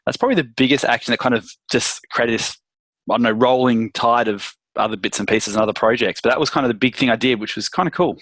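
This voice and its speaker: A man's voice: medium pitch, fast talker, fairly bright tone, no room sound. A man with an Australian accent, a podcast guest talking casually with easy slang and jokes. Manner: laid-back, jokey Australian slang. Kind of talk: casual interview chat.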